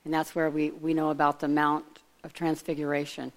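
A woman's voice: sits low, completely flat delivery, brisk. A woman giving an informal, conversational sermon, digressing and speculating aloud as she retells a Bible story. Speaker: preacher.

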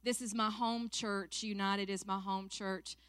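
A woman's voice: mid-range voice, little pitch movement, a little slow, fairly bright tone, smooth, no room sound, clean studio sound. A woman in her forties from South Carolina with a Southern accent, a church staff minister praying and sharing testimony in an emotional, earnest way. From South Carolina, USA. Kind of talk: prayer and personal testimony talk.

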